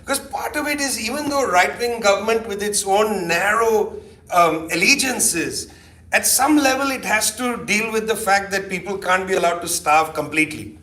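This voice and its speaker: High-voiced man lecturing in an echoey hall. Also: moderate pace. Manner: animated, sardonic, peppered with asides. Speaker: keynote speaker. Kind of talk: conversational lecture. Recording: echoey hall, distant mic.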